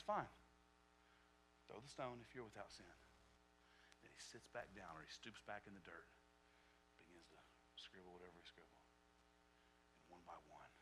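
A man preaching a sermon to his church, dropping to a near whisper and then rising to loud shouts, repeating phrases for emphasis. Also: lowish voice, a little hiss or hum. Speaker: pastor.

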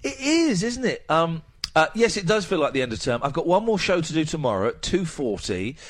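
A man hosting a radio show, chatting in a lively, self-mocking way into a close headset mic. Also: fairly high pitch, brisk. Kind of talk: casual radio chat.

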